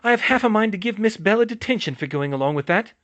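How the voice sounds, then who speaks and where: A man reading fan fiction aloud, voicing an angry school nurse woman with a sharp, scolding manner. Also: high voice, animated, fast, lo-fi sound, voice pushed up.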